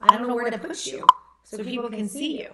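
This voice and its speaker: Streaming live from home, this woman in her thirties keeps things chatty and playful, cooing at her baby between remarks. She speaks a little high and a little fast, captured from a distance by a computer mic in an echoey room with heavy background noise.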